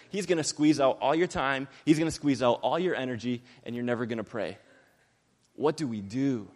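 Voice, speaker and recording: Energetic young preacher in a hall. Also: male voice, fairly high pitch. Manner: fast, energetic, jokey preaching with acted quotes. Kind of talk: sermon.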